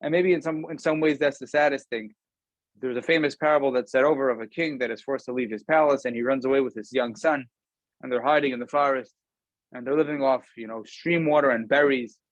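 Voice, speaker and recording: A rabbi gives an informal Torah talk over a video call. His voice sits at an ordinary middle pitch and sounds dry and close. He talks conversationally and pauses often with ums. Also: fairly even intonation, dry recording, lo-fi sound. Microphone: video call camera.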